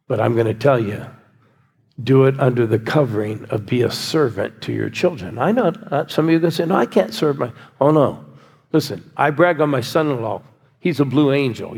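A man's voice: mid-range voice, creaky, a little mellow, slightly rough. An older man preaching a sermon, coaxing his congregation to answer back and cheer. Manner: exhorting, coaxing a congregation with call-and-response. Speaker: pastor. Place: large church hall. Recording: church hall with long reverb.

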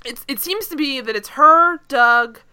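A woman's voice: high-pitched, a little slow, bright, forceful tone. A woman podcast host chatting casually about a TV episode, rambling with lots of fillers and asides. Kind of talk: casual TV recap chat.

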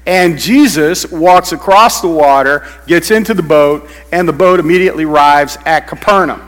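A man's voice: fairly high pitch, normal speed, a bit bright, long reverb tail. A man preaching a sermon, teaching in a conversational way with frequent fillers and restarts. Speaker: pastor.

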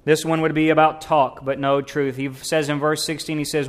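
A middle-aged man delivers a sermon in a church, his fairly high voice climbing as he presses each point. He preaches with rhetorical questions and building emphasis. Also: level tone, moderate pace, few pauses. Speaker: pastor. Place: church sanctuary.

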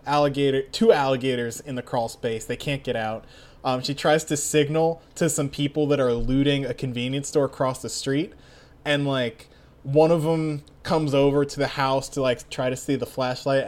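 A young man co-hosting a casual podcast chat, excitable, laughing often and filling his speech with "like". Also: mid-range voice. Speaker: podcast co-host.

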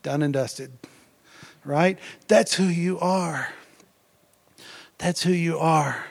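A man preaching a sermon in a lively, conversational way, often tagging his lines with "right?" and building up to excited near-shouts. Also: a little high, takes it slowly, creaky. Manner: energetic, conversational, keeps asking "right?".

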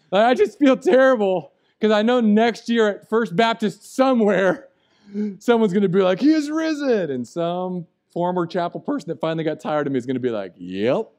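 Guy pastor preaching, funny and animated, kinda high voice, goes loud then quiet. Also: creaky. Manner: animated, jokey, swings between loud and quiet. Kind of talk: humorous sermon.

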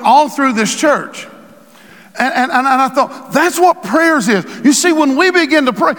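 A man preaching a sermon as pastor, building to shouted emphasis and quoting scripture. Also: very high-pitched, big-room sound. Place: church sanctuary.

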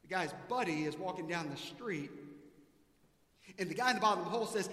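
A male pastor preaches with a fairly high voice, shifting between animated storytelling and quiet earnestness. His voice rings through a large church with a long, roomy echo. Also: a little fast. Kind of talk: sermon. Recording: echoey church hall.

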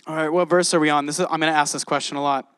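A man preaching a casual, animated sermon, reading scripture and exclaiming often to his listeners. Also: a little high, very fast, clear, resonant tone, dry recording.

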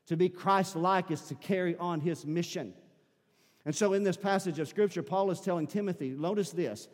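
A man's voice: high voice, moderate pace, darkish tone. A man preaching a sermon as pastor, building emphasis with repeated calls to his congregation. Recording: long hall reverb.

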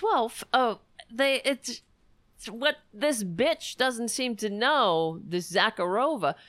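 A woman's voice: mid-range voice, a bit bright, no room sound. A woman hosting a livestream, reading news articles aloud and commenting on them with sarcastic, profane remarks. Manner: sarcastic and profane, with frequent self-interruptions. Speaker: livestream host.

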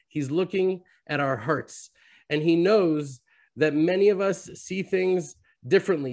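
A man's voice: a little high, a little mellow. A man giving a Bible teaching as a storyteller, weaving Hebrew terms into his sermon over a video call. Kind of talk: sermon to an online fellowship.

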